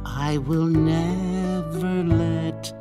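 Toy doll, singing, very slow, lowish voice, tinkly children's music. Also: male voice, fairly even intonation. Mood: sugary. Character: sweet, cloying male toy doll singing.

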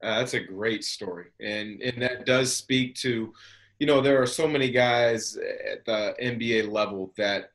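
A man's voice: mid-range voice, measured pace, a bit bright. A man hosting a casual sports interview, asking long winding questions. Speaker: host.

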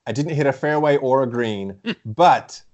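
A young man chatting casually as a podcast co-host, telling stories in a rambling, animated way with frequent laughs. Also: mid-range voice, unhurried, dull audio. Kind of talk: casual chat.

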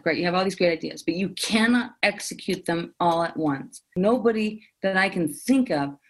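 Interview guest, woman in her fifties, slightly low-pitched, emphatic personal storytelling. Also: moderate pace. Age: 50s. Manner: emphatic, with many fillers and repeated phrases.

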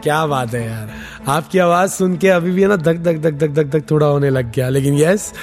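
High, rapid-fire podcast host. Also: male voice. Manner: excited, mixes Hindi and English. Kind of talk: energetic podcast commentary.

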